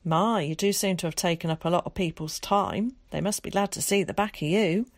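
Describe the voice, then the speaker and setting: Strict churchy mum, read by a woman, clipped and preachy, lowish voice, dry close sound. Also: brisk, no echo. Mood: scolding. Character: stern pious mother, cold and suspicious.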